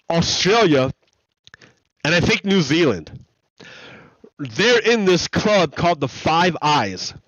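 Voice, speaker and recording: Chatty and casual, this American livestream host laughs often and keeps repeating his points as he comments. He speaks in a slightly high, fairly bright voice, and the dry, slightly dull lo-fi recording has no room sound.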